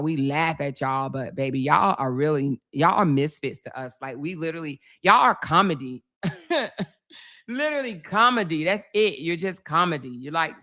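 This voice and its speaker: Sassy bright-voiced woman chatting on a livestream. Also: deep voice. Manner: sassy, chatty, laughs often, says baby and y'all. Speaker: livestream host. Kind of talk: casual live chat, reading comments.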